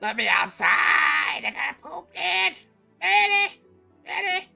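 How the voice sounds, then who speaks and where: A man's voice: sing-song, slow, creaky, soft background music, full character voice. A man voicing his pet dog as a whining, desperate animal begging to be let outside. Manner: high-pitched whining, shouted pleading.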